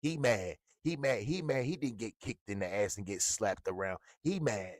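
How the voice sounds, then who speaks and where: A man's voice: on the low side, animated, moderate pace, no room sound, studio quality. A man ranting as a hip hop blogger, heated and profane, repeating himself for emphasis. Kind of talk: ranting commentary.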